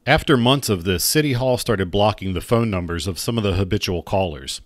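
A man narrating a commentary video in a measured, critical way. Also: on the low side, animated, dry recording, studio quality. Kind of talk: scripted narration.

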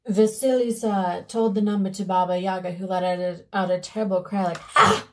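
A woman vlogger telling a fairy tale casually while doing her makeup, with loose, unhurried asides. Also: medium pitch, fairly even intonation, dark tone. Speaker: beauty vlogger.

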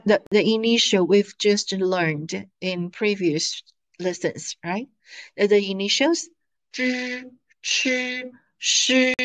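A woman leads an online lesson. She speaks slowly and patiently at a middle pitch, drawing out each syllable she demonstrates. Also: rough recording. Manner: slow, patient, with drawn-out modeled syllables. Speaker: Mandarin teacher.

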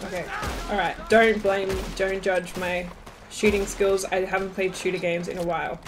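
A young woman giving casual let's-play commentary as a gaming streamer, excitable and quick to exclaim and laugh. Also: mid-range voice, noisy background.

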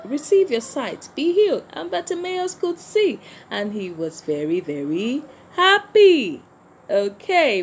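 A woman with a slightly raised voice teaches a children's Sunday school lesson. She speaks emphatically, repeats her main points and keeps asking her young listeners questions. Faint noise sits behind her voice. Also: fairly high pitch. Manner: emphatic, repeats key phrases, quizzes listeners.

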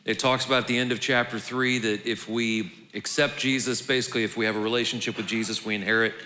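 A man's voice: medium pitch, steady tone, fast talker, sharp tone, a little hiss or hum. A man preaching a casual, conversational sermon, joking and restarting words as he goes. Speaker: pastor. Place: large church hall. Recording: long reverb in a church hall, faint ambience.

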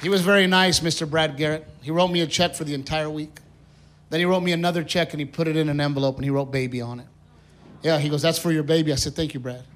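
A man performing a stand-up comedy set on stage, telling a story in an animated way and acting out the voices of the people in it. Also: fairly high pitch, quick pace. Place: comedy theater stage with live audience. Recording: live stage recording with crowd noise. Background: audience laughter and applause.

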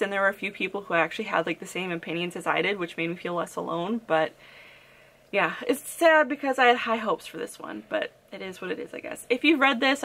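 Animated, opinionated young woman book vlogger. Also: medium pitch. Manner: animated, opinionated, frequent "like" fillers and laughs. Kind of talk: casual book review chat.

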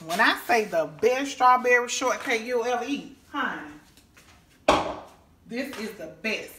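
A woman's voice: on the high side, lively intonation, a little slow, background noise. A woman hosting a home cooking vlog in her kitchen, folksy and exclaiming, calling her viewers honey and baby. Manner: exclaims and hums over the food. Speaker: cooking show host.

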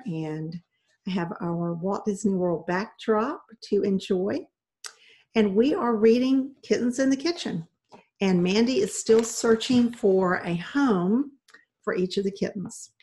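A woman teacher reading a children's chapter book aloud to her class, with clear, friendly read-aloud pacing. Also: mid-range voice, a little mellow. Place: at home with a virtual backdrop.

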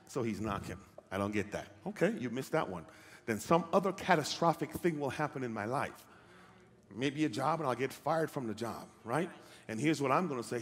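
A man's voice: a little high, expressive, brisk. Preaching man in a reverberant hall. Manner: builds from quiet talk to shouting calls; asks the congregation questions. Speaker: pastor. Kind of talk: sermon.

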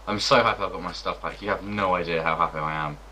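A man playing Minecraft with friends, reacting excitedly and joking in casual voice chat. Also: low voice, slight background noise. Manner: excitable, quick reactions, laughs. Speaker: Minecraft let's play co-host.

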